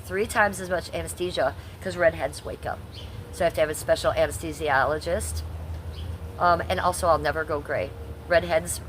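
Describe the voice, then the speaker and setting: A woman's voice: lowish voice, slight background noise. A woman in her fifties live streaming casually, reading her chat aloud and answering it bluntly, swearing at hecklers. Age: 50s. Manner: blunt, combative, swears at chatters.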